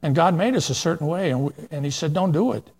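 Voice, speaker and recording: A man's voice: fairly high pitch, animated, quick pace, darkish tone, slightly rough. An older man preaching a plain-spoken, folksy verse-by-verse sermon, with asides and fillers as he reads scripture.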